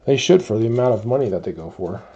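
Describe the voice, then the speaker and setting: A man's voice: medium pitch, breathy edge, dull audio. A man hosting a card break, steadily reading out team names and players one after another. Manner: steady rapid-fire listing of teams and players. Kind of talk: calling out cards in a box break.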